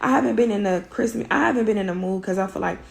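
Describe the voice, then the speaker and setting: Hoarse, gravelly-voiced woman venting. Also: mid-range voice, very fast, a little mellow. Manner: emphatic, blunt and profane. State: hoarse, voice worn out. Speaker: woman recounting a fight; mother. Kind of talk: casual storytelling.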